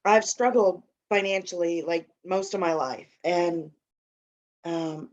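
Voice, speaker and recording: A woman sharing personally at a recovery meeting, talking haltingly with many fillers and restarts. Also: lowish voice, darkish tone, lo-fi sound.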